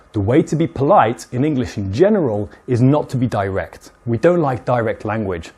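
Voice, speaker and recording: A man teaching an English lesson, explaining slowly and acting out short spoken examples with lively stress on key words. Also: medium pitch, slightly rough.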